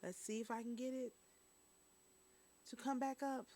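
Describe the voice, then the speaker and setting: A woman's voice: on the high side, steady tone, normal speed, mellow. Chatty woman hosting a news stream. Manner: chatty, talks straight to viewers with "y'all". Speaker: host of a news and review stream. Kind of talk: casual news commentary.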